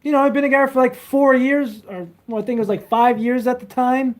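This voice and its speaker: A woman's voice: sits high, steady tone, a little fast, pitched above the performer's own voice, close to an everyday voice. An exasperated young woman scolds her partner with pointed sarcasm, as a man puts her on. The voice climbs well above his usual register and pushes harder. It is recorded close on a phone during a casual livestream. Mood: annoyed. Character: annoyed young adult girlfriend scolding.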